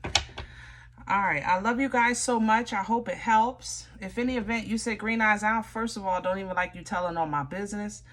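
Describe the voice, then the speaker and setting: A woman's voice: medium pitch, normal speed. Woman, tarot reading, chatty, direct, teasing, conversational. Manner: chatty, direct and teasing, with frequent "you know?" and "okay?". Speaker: tarot reader. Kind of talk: casual tarot reading to viewers.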